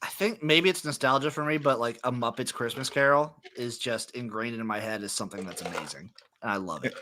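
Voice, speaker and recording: A man's voice: mid-range voice, fairly quick, pushed and bright. A man hosting a casual podcast chat, laid-back and casually swearing. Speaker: podcast host.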